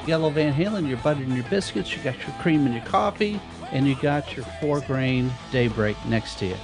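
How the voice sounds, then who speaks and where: A man's voice: medium pitch, lively intonation, a little fast, loud music behind the voice. A man co-hosting a beer segment, easygoing and descriptive. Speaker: beer show co-host. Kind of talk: casual beer review.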